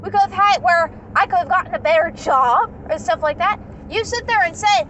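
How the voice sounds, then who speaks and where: A woman's voice: very high-pitched, fairly quick, few pauses, a bit bright, a little hiss or hum, poor audio. A young woman in an impassioned, indignant rant, talking straight to the camera with emphatic repetition. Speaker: vlogger. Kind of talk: impassioned ranting monologue.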